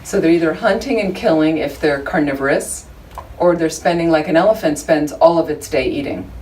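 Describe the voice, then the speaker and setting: A woman teaching a Buddhist study group talks fairly quickly in a low, slightly mellow voice. Her informal dharma teaching is chatty, humorous, and full of asides to the small group in the room. The audio was captured from across the room and carries a faint hiss.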